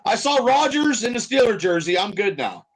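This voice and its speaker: Guy with a pretty high voice rambling through stories on a podcast call. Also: sing-song, moderate pace, a loud crowd, poor audio. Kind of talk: casual chat on a video-call podcast.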